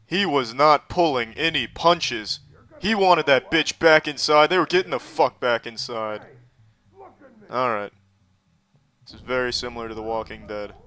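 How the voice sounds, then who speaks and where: A man's voice: mid-range voice, sharp tone, clear, resonant tone. A man giving crude, sarcastic gameplay commentary and talking trash to the enemies in the game. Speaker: gaming commentator.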